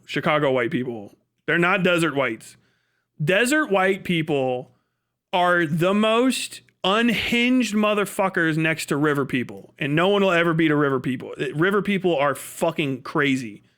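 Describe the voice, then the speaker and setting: A man streaming live, ranting in a profane, fast-talking way. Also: fairly high pitch, fairly bright tone. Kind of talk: casual livestream rant.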